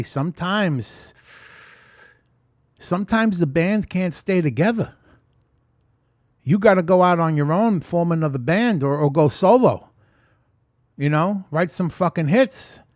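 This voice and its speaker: A man's voice: high-pitched, unhurried, no room sound, studio quality. A man vlogging unscripted about his sobriety, talking bluntly and profanely in an emphatic rant. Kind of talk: unscripted ranting monologue.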